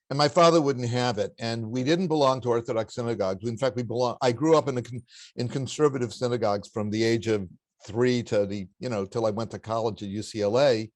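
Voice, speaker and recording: A man's voice: mid-range voice, no echo. Dry-voiced older man telling stories. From Los Angeles, USA. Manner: anecdotal, halting, many restarts. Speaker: interview guest. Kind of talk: reflective storytelling.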